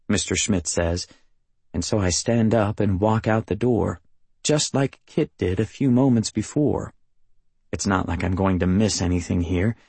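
A man reading a first-person novel as an audiobook narrator, measured and matter-of-fact, close to the mic. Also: on the low side, creaky, darkish tone, slightly rough, no echo.

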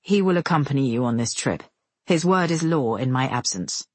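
A woman's voice: a bass voice, lively intonation, normal speed, darkish tone, husky, no room sound, pitched below the performer's own voice, full character voice. Woman voicing Kerensky, a stern man in charge. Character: Kerensky, stern commanding adult man in authority.

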